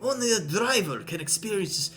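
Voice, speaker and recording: A woman's voice: medium pitch, lively intonation, moderate pace, pitched above the performer's own voice, lightly acted. A woman voicing a vain, pompous male photographer witness in an obnoxious, affected put-on accent, faint music behind. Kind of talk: voicing characters in a visual novel stream.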